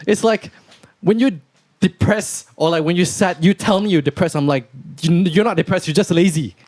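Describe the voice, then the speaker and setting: A man's voice: sits high, normal speed, no echo, pitched above the performer's own voice. A man putting on a brash macho persona, ranting bluntly and profanely at people who complain. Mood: scornful ranting. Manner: loud, scornful, profane ranting.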